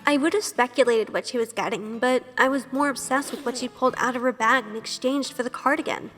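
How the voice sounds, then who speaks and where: A woman's voice: sits high, a little fast, fairly bright tone, long reverb tail, faint music behind. A nervous, curious young woman narrating. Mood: self-conscious. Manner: earnest, self-questioning inner monologue. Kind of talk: first-person audio drama narration.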